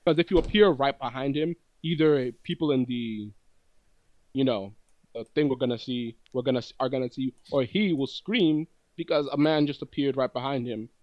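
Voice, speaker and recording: A man playing a tabletop game, slowly laying out a plan and rambling as he goes. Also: medium pitch, dry recording, highs cut off. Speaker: player. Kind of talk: casual tabletop play.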